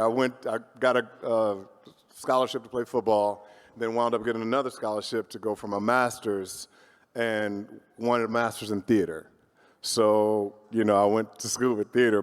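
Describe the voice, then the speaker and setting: A man telling stories on a convention panel as a voice actor, animated and motivational, joking as he gives advice. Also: mid-range voice. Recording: roomy hall reverb.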